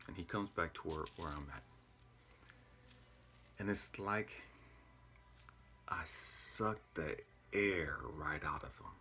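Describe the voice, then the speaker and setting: A man telling an earnest, emotional personal story as a father, often dropping his voice to a hushed whisper. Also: deep voice, slow pace, pauses often.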